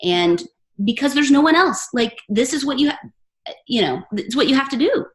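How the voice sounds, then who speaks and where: A woman's voice: high voice, expressive, moderate pace. A middle-aged woman, a podcast guest, telling personal stories in an earnest, chatty way and laughing often. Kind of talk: casual interview chat.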